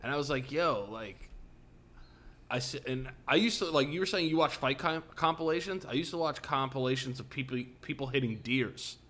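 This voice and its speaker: A man's voice: medium pitch, a little fast, few pauses, a bit bright. A young man co-hosting a podcast, chatting casually with loose, profane jokes. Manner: loose, profane, jokey banter. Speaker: podcast co-host. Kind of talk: casual chat.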